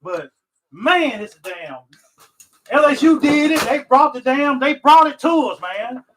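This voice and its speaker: A man's voice: very high voice, lively intonation, a little slow, crowd noise, rough recording. A man ranting live on stream, rambling and repeating himself, swearing often, frustrated but accepting. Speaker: sports fan vlogger. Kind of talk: live stream reaction rant.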